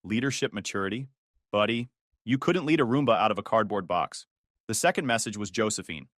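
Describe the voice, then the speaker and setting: A man's voice: fairly low pitch, fairly quick, fairly bright tone, no room sound. A man narrating a first-person family story with sarcastic, dry humor.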